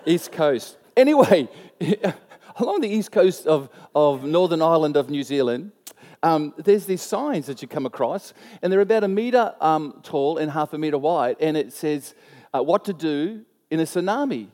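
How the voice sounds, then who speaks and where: A man preaching a sermon, telling a personal story in an animated way and laughing at himself. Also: a little high, normal speed, long reverb tail.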